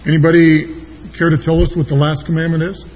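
Dark-toned pastor in a reverberant hall. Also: male voice, on the high side, level tone, quick pace. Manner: informal with frequent uh fillers. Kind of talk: sermon. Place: church sanctuary.

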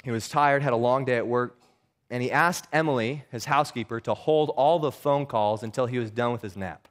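A man's voice: medium pitch, a little fast. A man preaching a sermon, earnest and conversational, voicing the people and scriptures he quotes. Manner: earnest, conversational, uses vocal shifts for quoted lines.

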